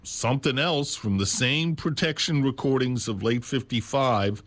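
A man hosting a radio show from a studio, talking in an unscripted way and slowly spelling out catalog numbers. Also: mid-range voice, a bit bright. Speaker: radio host. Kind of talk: unscripted radio talk about records. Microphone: studio mic on a stand.

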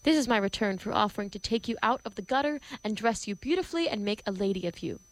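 A woman's voice: medium pitch, expressive, quick pace, natural voice, rough recording. Woman voicing an imperious male professor, brusque, theatrical, play reading. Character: domineering male phonetics professor.

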